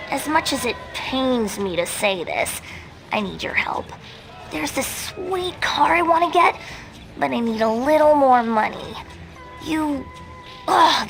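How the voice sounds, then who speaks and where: An actress playing a bossy, impatient young sister who complains and pleads in a video game. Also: female voice, high-pitched, gravelly, a bit bright, exaggerated voice, low-quality recording. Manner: exasperated, pleading.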